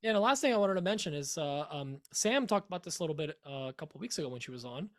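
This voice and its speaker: Laid-back rambling podcast co-host. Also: male voice, on the high side, lively intonation, rapid-fire. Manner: rambling, jokey, laughs often. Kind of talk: casual chat.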